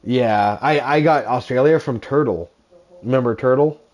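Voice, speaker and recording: A man hosting a game livestream in an easygoing, chatty way, joking with his viewers and often laughing between thoughts. His voice sits at an ordinary middle pitch, and he explains what he is building as he talks. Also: moderate pace, darkish tone. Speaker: streamer. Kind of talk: casual livestream chat and gameplay commentary.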